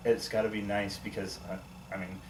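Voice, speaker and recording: A man hosting a sports show, asking steady, plain interview questions. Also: on the low side, a little fast. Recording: echoey room, mic at a distance, faint noise.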